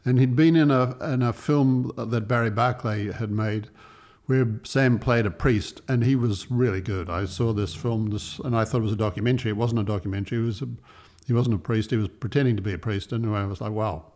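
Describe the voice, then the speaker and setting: A man from New Zealand, a film director and producer, telling lively stories in an interview and acting out other people's lines. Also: medium pitch, a little fast, few pauses. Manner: animated anecdotes, acts out other people's lines. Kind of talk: interview storytelling.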